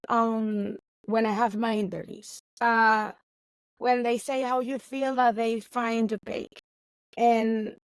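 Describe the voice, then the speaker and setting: A woman, a baker chatting in an interview, animated and laughing often. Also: fairly high pitch, dry recording, poor audio. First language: Spanish. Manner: animated, laughs often, non-native grammar. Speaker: baker and guest. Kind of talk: casual interview chat.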